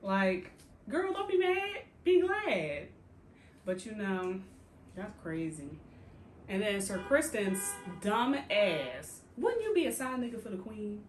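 A woman's voice: medium pitch, slow pace, reverberant, slight background noise. A woman co-hosting a podcast in casual, slangy chat, telling a story with lots of laughter and acted-out quotes. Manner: animated storyteller, acts out quoted characters; slangy, profane, laughs often. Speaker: podcast co-host. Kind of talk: casual chat recapping a TV show.

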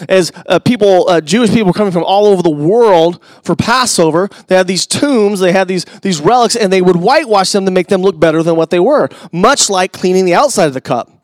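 Delivering his sermon a little fast and with hardly any pauses, a middle-aged male pastor uses a fairly high voice and a conversational style full of asides to the congregation. His volume falls from loud emphasis to near-whispers, captured in a dry, close sound with little echo.

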